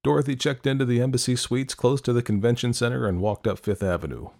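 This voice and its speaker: A man hosting a podcast, reading stories aloud in calm, measured scripted narration. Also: mid-range voice, gravelly. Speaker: podcast host and story narrator.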